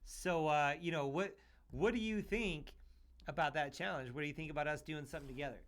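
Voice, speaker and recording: Animated man telling stories on a podcast. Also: fairly high pitch, a little fast. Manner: animated storyteller, full of fillers like "you know" and "like". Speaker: podcast host and paramedic. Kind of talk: casual chat, telling stories.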